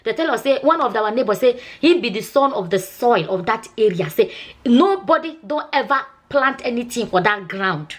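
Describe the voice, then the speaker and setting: A woman's voice: on the high side, animated, moderate pace. A Nigerian woman vlogger and nurse chatting casually, telling a long story in Nigerian Pidgin and often asking "you understand?". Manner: chatty, repeats herself, asks "you understand?".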